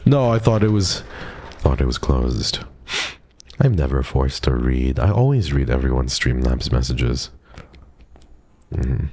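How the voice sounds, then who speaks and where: This is a very deep, a little mellow male voice, very animated yet a little slow, with long pauses and no room sound. He's streaming a horror game live, chatting playfully with viewers, jumpy and talkative, and whispering when frightened.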